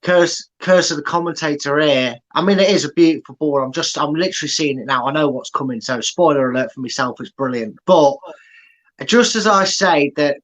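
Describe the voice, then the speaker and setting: A man's voice: fairly high pitch, fairly quick, a bit bright, poor audio. A football fan co-hosts a live match watchalong with a slightly raised voice. He analyses the play at length, often restarting his sentences. His tone stays chatty and considered. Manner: rambling, many restarts, analytical. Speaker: fan channel co-host.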